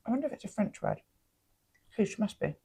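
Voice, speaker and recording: Gentle chatty woman vlogger. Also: medium pitch, big pitch swings, fairly quick, gravelly, breathy edge. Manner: gentle, chatty, laughs easily. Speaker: lifestyle vlogger. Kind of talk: casual vlog chat and narration. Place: home and small-town outings.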